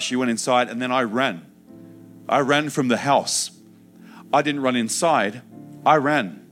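A man's voice: mid-range voice, a little slow, pauses often, faint music behind. A man giving an emotional personal testimony in a sermon, acting out the words he once said. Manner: emotional storytelling, acts out shouted childhood quotes.

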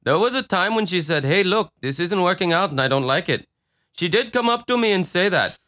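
A man putting on an accent to read out the quotes of a shady businessman, fast and theatrical. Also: lively intonation, bright, forceful tone. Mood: defensive. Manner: fast, high, theatrical quoting voice.

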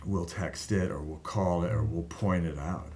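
A man telling a personal story in casual talk, animated, laughing at times and swearing freely. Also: sits low, normal speed, a little hiss or hum. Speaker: guest telling a life story.

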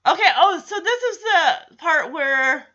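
A woman's voice: very high voice, lively intonation, unhurried, sharp tone, muffled recording. A woman chatting casually through a TV episode recap, playfully acting out the characters' lines. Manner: chatty, acts out quotes, laughs often.

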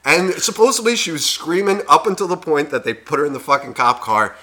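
A man's voice: fairly high pitch, sing-song, brisk, sharp tone. A young man co-hosting a podcast, telling a story in casual chat, rambling and swearing, with lots of fillers. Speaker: podcast co-host.

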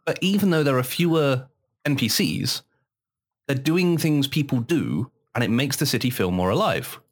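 A man in easy conversation on a podcast he co-hosts, at a middling pitch. He talks at length and laughs often. His sentences tend to sink low and quiet at the end. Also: animated, moderate pace. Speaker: podcast co-host. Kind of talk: casual chat. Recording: audio taken from a live stream.

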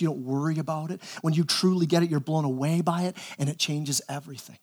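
A man preaching a sermon as pastor, animated, acting out quoted voices and often repeating words as he starts a phrase. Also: a little high, fast, hardly any pauses.

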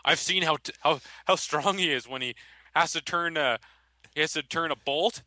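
Wry bright-voiced male co-host. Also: fairly high pitch, normal speed, dry recording. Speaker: podcast co-host. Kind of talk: casual chat.

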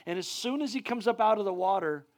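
A male preacher giving a sermon, excitable and often stumbling over restarts. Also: sits high, fast talker.

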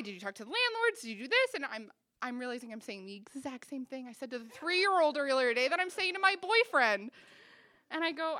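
A woman's voice: on the high side, bright, forceful tone, no room sound, clean studio sound. A woman in her twenties telling a funny personal story on stage, acting out the dialogue with self-deprecating humor.

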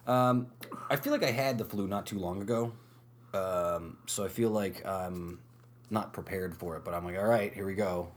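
A male podcast host talking in a husky, gruff voice, hoarse from the flu, in casual chat in a studio. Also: low voice, moderate pace.

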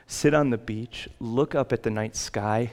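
A male pastor preaching a sermon, slowing down and rising for emphatic lists. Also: darkish tone. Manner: rises in pitch and slows for emphatic lists.

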